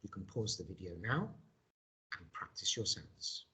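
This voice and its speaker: Husky, lively-voiced male teacher. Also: sits low. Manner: models words for pupils to repeat; slow and deliberate, stressing each sound. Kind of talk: recorded video lesson.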